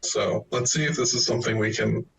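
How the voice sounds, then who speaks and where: A man playing a tabletop role-playing game, thinking things through slowly and hesitantly with many ums. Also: medium pitch, steady tone, vocal fry, fairly bright tone. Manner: slow, thoughtful, hesitant with ums. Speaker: player. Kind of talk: casual tabletop game chat. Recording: distant mic with faint room noise.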